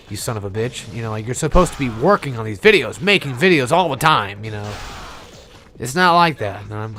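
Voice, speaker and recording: A man giving casual, rambling let's-play commentary at his desk microphone, candid and quick to swear. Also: mid-range voice, fairly bright tone. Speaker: gaming channel host.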